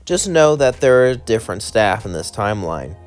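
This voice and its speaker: A man's voice: on the low side, sing-song, normal speed, soft background music. A man casually narrating a what-if fan story, rambling with fillers and asides.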